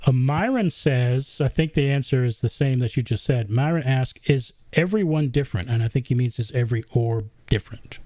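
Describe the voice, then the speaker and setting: A man's voice: medium pitch, fairly quick, few pauses, warm tone. A male host in a casual live-stream interview, chatting and reading viewer questions aloud. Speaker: podcast host.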